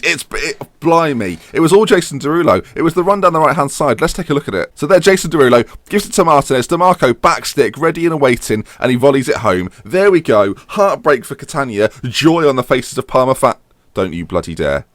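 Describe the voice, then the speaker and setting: A young man commentating while playing a football manager game, swinging from muttered grumbles to yelling when a goal goes in. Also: mid-range voice, lively intonation, fast talker, no echo. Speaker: gaming YouTuber.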